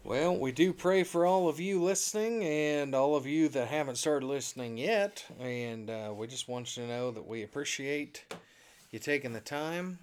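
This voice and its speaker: A man, a pastor co-hosting a podcast, closing the show with an earnest, measured prayer and benediction. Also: medium pitch, smooth.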